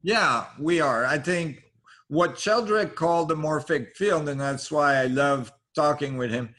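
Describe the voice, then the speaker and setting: A man guesting on an interview explains big ideas in an earnest, eager way. His voice sits a bit high for a man, and he often checks that the listener is following. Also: measured pace, sharp tone.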